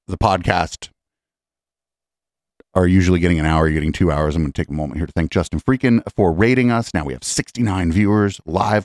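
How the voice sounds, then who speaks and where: Man, podcast host, very low voice, dry close sound, rambling, profane. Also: darkish tone, dry recording. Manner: profane, rambling, frequent throat-clearing. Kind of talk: casual live-show commentary.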